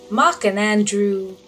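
A woman plays a video game in a let's play, commenting excitably, yelping and swearing at the action and reading signs aloud. Her voice is mid-range, captured on a distant mic in low-quality audio.

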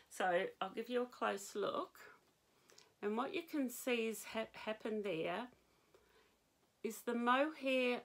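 A woman's voice: on the high side, takes it slowly, gravelly. A woman with a New Zealand accent hosting a knitting podcast, chatting casually to camera with many ums and restarts.

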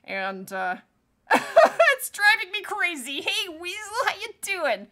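Bright high-voiced woman streamer. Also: wildly swooping pitch, takes it slowly. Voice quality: bubbly, chatty, laughs often. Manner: greets chat viewers by name. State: back injury. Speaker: game streamer. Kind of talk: live stream chat.

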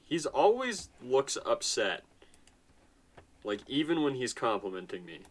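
A man's voice: medium pitch, sing-song, a little slow, long pauses. A man casually commenting on his strategy game as he plays, nonchalant and chatty, talking to himself and sounding tired. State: tired, yawning. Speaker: gaming channel host. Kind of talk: casual let's-play commentary.

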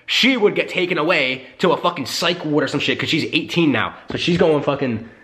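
A man's voice: a little high, fairly quick, bright, forceful tone. A young man hosting a vlog, talking to camera in an exasperated, heavily swearing way. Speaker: vlogger host. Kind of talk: casual vlog talk to camera.

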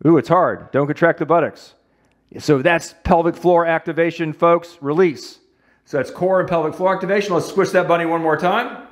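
A man's voice: a little high, steady tone, normal speed. Playful male fitness coach. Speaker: fitness instructor. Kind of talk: coaching an exercise demo.

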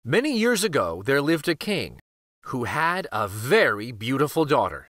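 A man hosting a children's read-aloud channel, reading a picture book in an expressive, lively storytelling way. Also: medium pitch, unhurried, no echo, clean studio sound.

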